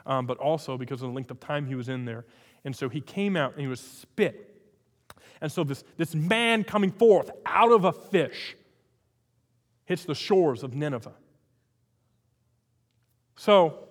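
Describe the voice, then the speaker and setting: A man's voice: a little high, in a large hall. A man preaching a sermon as pastor, emphatic, repeating phrases for emphasis.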